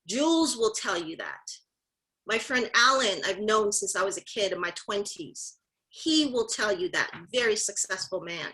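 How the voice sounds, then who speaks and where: Bright-voiced woman giving a rousing talk. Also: mid-range voice, rough recording. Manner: emphatic, repeats phrases, addresses audience directly. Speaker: mentorship session speaker. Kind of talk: motivational talk.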